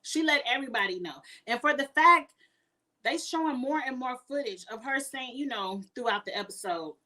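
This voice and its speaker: A woman's voice: sits high, animated, moderate pace, pushed and bright. A woman giving outspoken, emphatic casual commentary as a reality TV reviewer.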